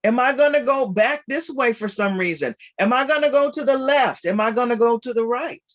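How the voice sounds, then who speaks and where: A guest speaker giving an informal spiritual talk on a video call, animated and repetitive with frequent laughter. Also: medium pitch, fairly quick, highs cut off.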